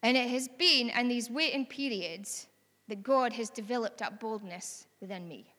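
A woman's voice: fairly high pitch, normal speed, bright, forceful tone, in a large hall. A woman with a Scottish accent preaching a sermon in a chatty, earnest way that rises to bold exhortation.

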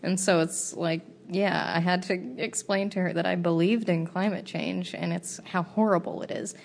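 A young woman co-hosting a casual podcast, telling travel stories with lively quoted dialogue and frequent swearing. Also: fairly low pitch, normal speed, creaky, a little hiss or hum. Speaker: podcast co-host. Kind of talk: casual chat.

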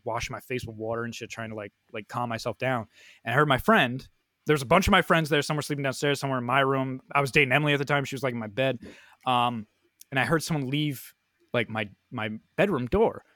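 A young man in casual chat, telling a profane, animated story full of fillers like "like" and "uh". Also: mid-range voice, no room sound.

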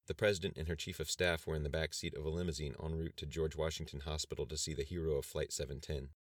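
A man narrating an audiobook with a steady delivery on a close mic. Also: a bass voice, fast talker, no echo.

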